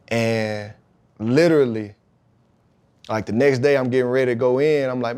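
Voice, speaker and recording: A man's voice: mid-range voice, moderate pace, long pauses, clear, resonant tone. Emphatic man telling his story. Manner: emphatic, animated retelling with acted-out quotes. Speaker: podcast guest, pro football linebacker. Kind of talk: casual storytelling about faith and football.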